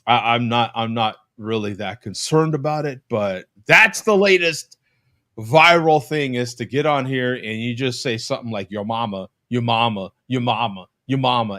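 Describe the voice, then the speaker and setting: A man hosting a casual live-stream chat over a video call from his home, rambling with lots of halting restarts. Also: medium pitch, pushed and bright, no echo, studio quality. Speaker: podcast host. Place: home room.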